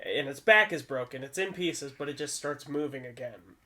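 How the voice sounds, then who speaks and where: A man's voice: medium pitch, normal speed, a crowd in the background. A man co-hosting a podcast, casually recapping a movie and acting out the characters' lines as he goes. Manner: animated retelling of scenes, acting out lines. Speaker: podcast co-host. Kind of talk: casual movie review chat.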